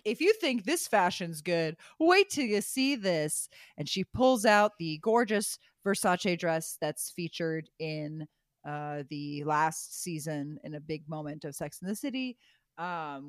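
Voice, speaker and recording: A woman's voice: fairly low pitch, no room sound, clean studio sound. A woman co-hosting a podcast, recapping a TV episode in a profane, riffing, casual comedic chat. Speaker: podcast co-host.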